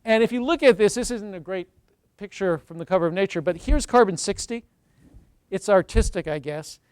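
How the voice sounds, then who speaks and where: A middle-aged man lectures on chemistry with real enthusiasm, talking straight to the room and slipping into stories. His voice sits high for a man and comes through smooth and resonant. The sound is close and dry, with little echo. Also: a little fast, a little mellow. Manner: enthusiastic, storytelling, addresses the audience directly. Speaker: chemistry professor giving a seminar. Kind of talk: university lecture.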